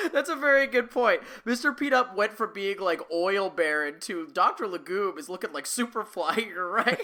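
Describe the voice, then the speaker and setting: A man's voice: high voice, sing-song, moderate pace, pushed and bright. A man co-hosting a podcast, casually recapping a cartoon in a wry, playful, amused way. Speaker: podcast co-host.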